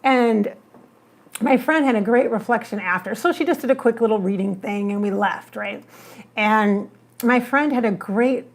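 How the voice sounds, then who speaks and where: Speaking at a normal speed in a mid-range voice, a woman who works as a psychic medium tells a story on a casual livestream. She's animated, acting out her own remarks as she retells them.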